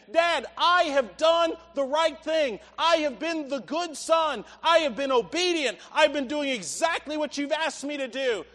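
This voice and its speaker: A man's voice: extremely high pitch, a bit bright. A man voicing a resentful, dutiful older son who complains indignantly, within a sermon. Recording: reverberant church hall.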